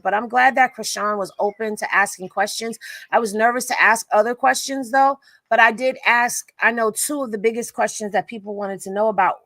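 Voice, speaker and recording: A woman's voice: medium pitch, a bit bright, no room sound. A woman hosting a casual gossip commentary, chatty and sassy, laughing as she reacts to clips. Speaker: commentary host.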